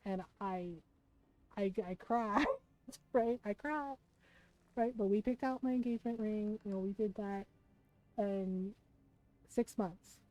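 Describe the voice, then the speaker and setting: A woman's voice: mid-range voice, slow pace, long pauses, warm tone, low-quality recording. A woman streamer chatting casually, telling a personal story to her viewers and often checking in with "right?". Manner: chatty, keeps asking "right?". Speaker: live streamer.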